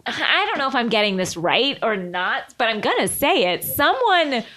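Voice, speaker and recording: A woman co-hosts a podcast in a loose, conversational way. Her pitch rises and falls a lot as she talks. She laughs easily between thoughts. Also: normal speed. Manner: chatty, animated, laughs often. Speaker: podcast co-host. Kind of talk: casual chat.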